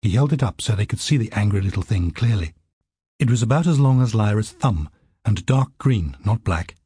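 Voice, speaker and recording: A man narrating an audiobook in a steady, vivid storytelling manner. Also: on the low side, moderate pace, breathy edge.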